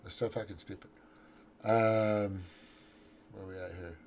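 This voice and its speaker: Give me a deep-ish male host ranting casually with lots of cursing and restarts. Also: fairly even intonation, measured pace, a little mellow, slight background noise. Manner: profane, rambling, scrolls and reads his own posts aloud; frequent restarts and trailing off. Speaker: show host. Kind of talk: casual political rant.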